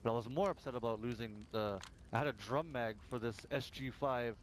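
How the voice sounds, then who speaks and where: A man's voice: medium pitch, fairly quick, slight background noise. A man in roleplay chat inside a survival game, telling a heated story with lots of swearing and acted-out quotes.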